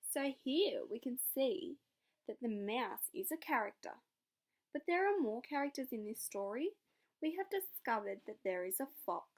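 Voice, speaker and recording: A woman's voice: fairly high pitch, sing-song, moderate pace, darkish tone. A young woman teacher reading a picture book aloud to children, asking the class encouraging questions. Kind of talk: read-aloud lesson for children.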